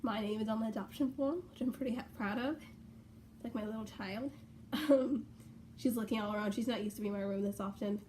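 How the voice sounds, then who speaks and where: A young woman rambling casually in a home vlog, full of fillers and excited asides. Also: a little high, fast, slight background noise. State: out of breath. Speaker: vlogger. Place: bedroom at home.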